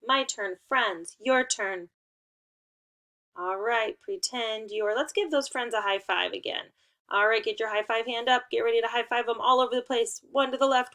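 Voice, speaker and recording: A woman's voice: fairly high pitch, bright, forceful tone. A woman teaching young children a remote lesson, giving playful and encouraging instructions.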